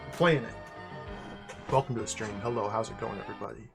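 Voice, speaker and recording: A man hosting a video game livestream, greeting viewers by name in an excitable, giggly way. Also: lowish voice, quick pace, vocal fry, over music. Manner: excitable, laughs often, greets chat by name. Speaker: livestream host. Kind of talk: casual livestream chat.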